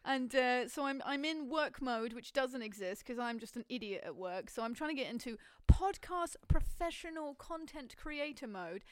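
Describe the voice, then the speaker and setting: A woman's voice: high-pitched, animated, moderate pace, few pauses, clear, resonant tone, no echo, clean studio sound. Chatty woman podcast host. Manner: rambling, chatty and giggly. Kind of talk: casual chat. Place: home room with pets. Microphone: podcast mic on a boom arm.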